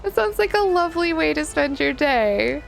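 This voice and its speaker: A woman's voice: high-pitched, very animated, moderate pace, vocal fry. A woman live-streaming a video game in casual chat, reading and answering her viewers and giggling often.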